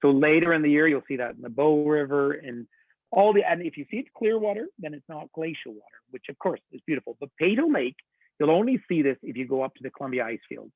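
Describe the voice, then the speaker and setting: A man's voice: fairly high pitch, animated, fast talker, no echo. A man working as a tour director, giving an enthusiastic, chatty webinar presentation. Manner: chatty, enthusiastic storytelling with laughs. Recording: tinny phone-like line, dry.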